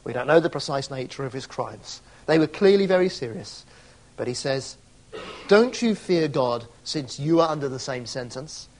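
Lively, emphatic male preacher. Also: a little high. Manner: emphatic, rhetorical questions, stretches key words. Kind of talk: sermon.

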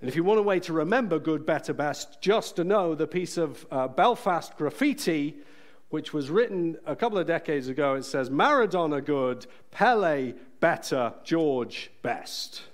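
A man preaching a sermon in a church, earnest and emphatic, slowing down to stress key phrases. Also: a little high, expressive.

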